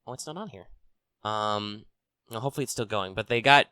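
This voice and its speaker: Male host, casual rambling news chat into a desk mic; low-ish, bright, dry close sound. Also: a little fast, clear, resonant tone, dry recording. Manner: rambling, frequent ums and restarts, swears casually. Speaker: tabletop RPG news host. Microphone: desk mic on arm.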